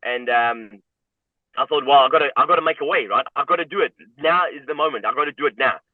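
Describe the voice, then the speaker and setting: A man's voice: medium pitch, fast talker, dry recording. A man from South Africa, a guest telling a personal story in a reflective way, often filling with "you know". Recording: tinny phone-like line, dry.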